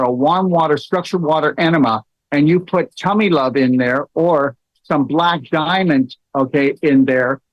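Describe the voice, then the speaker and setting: A middle-aged man hosting a casual talk, telling stories with many fillers and animated asides. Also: on the high side, no room sound. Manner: storytelling, many fillers, rising into animated quoted lines. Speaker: host. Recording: dull, dry lo-fi sound.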